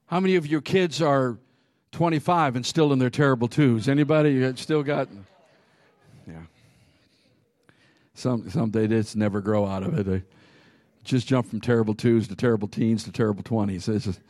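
A man's voice: medium pitch, normal speed, dry recording. A man preaching a sermon, telling funny stories with frequent laughs and calling out to the congregation. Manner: animated, laughs often, calls out to the congregation. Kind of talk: sermon with humorous storytelling.

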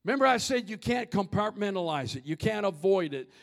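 A middle-aged man preaching a sermon, dropping to hushed near-whispers and rising to shouts. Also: high-pitched, lively intonation, a little fast, creaky. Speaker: pastor.

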